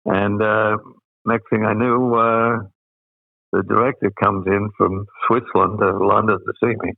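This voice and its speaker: Australian guy, older, lots of uh's and pauses telling old stories, sounds like a phone call, gravelly. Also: lowish voice, little pitch movement, dry recording. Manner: rambling, many pauses and fillers. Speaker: interview guest. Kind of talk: anecdotal storytelling.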